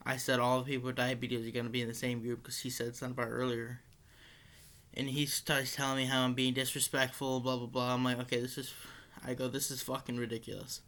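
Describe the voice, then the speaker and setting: A high school boy in his teens rattles off a school story fast and in a monotone, his mid-range voice sounding pushed and bright. The telling is casual and rambling, packed with "like," false starts and the occasional curse word.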